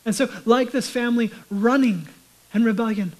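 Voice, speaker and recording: A man giving a sermon as a pastor, talking conversationally and dropping to a hushed whisper for emphasis. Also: very high voice, moderate pace, poor audio.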